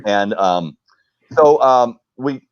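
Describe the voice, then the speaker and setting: A middle-aged man from the United States, a guest on a live video chat, telling stories in a casual, animated way and acting out the quotes. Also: mid-range voice, extremely slow, clear, resonant tone, dry recording, muffled recording. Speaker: interview guest. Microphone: video call.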